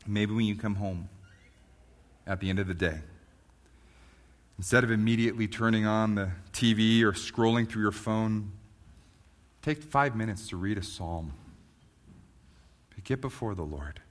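A man preaching a sermon as a pastor, moving from quiet reflection to loud, fervent emphasis. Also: lowish voice, a little slow, long pauses.

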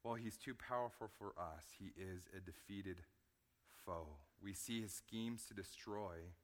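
A man preaching a sermon, moving between hushed low stretches and loud emphatic points, often repeating words as he stresses them. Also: unhurried. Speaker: pastor.

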